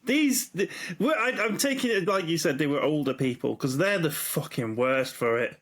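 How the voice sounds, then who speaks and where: A man from Blackpool, hosting a podcast and telling stories in a sweary, animated way. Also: fairly high pitch, normal speed. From Blackpool, England. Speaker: podcast host. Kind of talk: casual chat.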